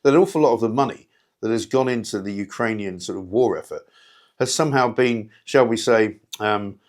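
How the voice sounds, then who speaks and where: A man's voice: on the low side, a little fast. A man hosting a talk show, delivering a sardonic, rambling, opinionated monologue straight to listeners. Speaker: radio talk show host.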